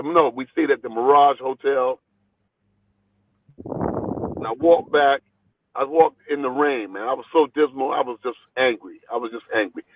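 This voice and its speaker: A boxing trainer telling stories in a phone interview, talking in an animated, rambling way and repeating his words. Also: mid-range voice, no room sound. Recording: tinny phone line, dry.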